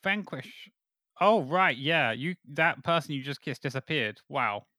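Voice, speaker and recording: Man player, awkward and rambling in character; bright, dry sound. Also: a little high, expressive, unhurried, no room sound. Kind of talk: casual role-play banter.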